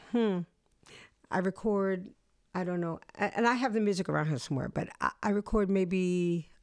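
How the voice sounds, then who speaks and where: A middle-aged woman musician, a guest in an interview, telling animated stories from her career and acting out the people in them. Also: mid-range voice, vocal fry, dry recording, clean studio sound. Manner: animated storyteller, acts out voices. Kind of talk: storytelling interview chat.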